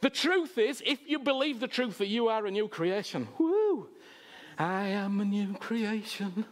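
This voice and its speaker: A man preaching a sermon, swinging between loud, impassioned exhortation and quiet, intimate asides. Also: high voice, lively intonation, measured pace.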